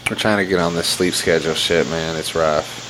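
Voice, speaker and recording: A man's voice: low-pitched, steady tone, moderate pace. A man in casual, crude banter, swearing freely and laughing often. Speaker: co-host of casual drinking chat. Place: home with a baby. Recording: noisy home recording.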